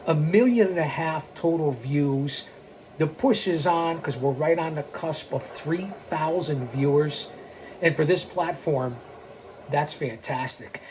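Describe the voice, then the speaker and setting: Brash male host with a slightly high voice, boastful wrestling promo patter, faint background hiss. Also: a little mellow, rough recording. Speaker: YouTube show host. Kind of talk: wrestling-persona monologue. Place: underground bunker studio.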